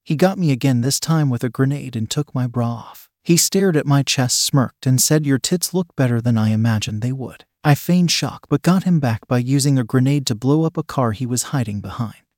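A man's voice: medium pitch, normal speed, hardly any pauses, darkish tone, dry recording. Man reading an erotic story, dry sound. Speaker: narrator.

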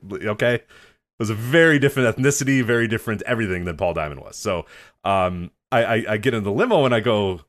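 A man's voice: on the low side, quick pace. A man co-hosting a wrestling podcast, telling a long story in casual chat, swearing, laughing and acting out quotes. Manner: animated, swearing, laughs often, acts out quotes. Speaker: podcast co-host.

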